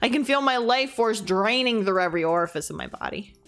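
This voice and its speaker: A woman's voice: fairly high pitch, animated, fairly quick, a bit bright, soft background music. A woman streamer playfully reading and joking through a dating game, laughing often. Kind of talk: casual game commentary and reading.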